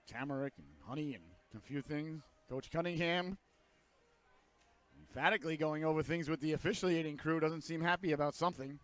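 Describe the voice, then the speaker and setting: A man with a high, bright voice calls a hockey game live. His throat sounds a little hoarse, and he fills the slow stretches with rambling, joking asides before his voice jumps to loud excitement when a shot or goal comes. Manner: rambling, jokey asides between calls, rising to loud excitement on goals and saves. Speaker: play-by-play hockey announcer. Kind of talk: live sports commentary.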